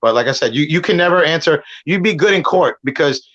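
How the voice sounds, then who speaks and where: A man from Puerto Rico is a guest debater on a stream, arguing heatedly, rambling, swearing and talking over the other side. His voice is fairly high and fairly bright, animated and quick. The audio is muffled and lo-fi.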